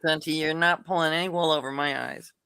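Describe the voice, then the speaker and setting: A woman trading playful, quick retorts in a casual group chat on a video call. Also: deep voice, fairly even intonation, sharp tone, slight background noise. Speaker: guest in a live chat.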